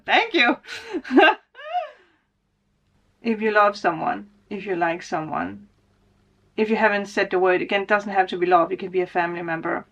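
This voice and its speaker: A woman reading tarot cards in a casual vlog. Her pitch sits in the middle for a woman. She speaks straight to her viewers, gets emotional and laughs often. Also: a bit bright. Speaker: spiritual tarot reader.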